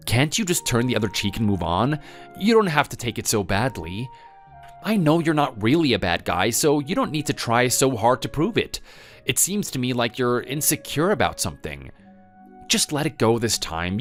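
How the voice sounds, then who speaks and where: Peacemaking husband, soothing, mid pitch; actor. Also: male voice, fairly bright tone. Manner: soothing, placating. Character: calm husband who plays peacemaker. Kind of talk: scripted text-story drama.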